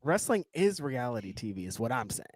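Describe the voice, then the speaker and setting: A man's voice: mid-range voice, big pitch swings, brisk, dry recording. A man co-hosting a wrestling stream in casual chat, teasing and blunt, swearing and laughing.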